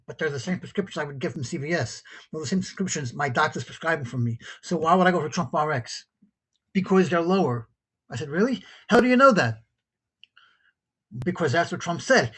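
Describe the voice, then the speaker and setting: A fairly high-voiced man with a husky, slightly rough edge and a New York accent. He tells a story in an opinionated solo monologue, jumping between his own voice and the people he quotes. His delivery is incredulous and full of disbelief. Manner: animated, incredulous, acts out both sides of a dialogue. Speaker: podcast host. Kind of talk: opinionated monologue, retelling a call-in exchange.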